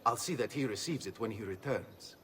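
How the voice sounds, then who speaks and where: A man's voice: lowish voice, lively intonation, fairly quick, a bit bright, a little hiss or hum. A man voicing a polite, formal household steward in a video game. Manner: courteous, apologetic.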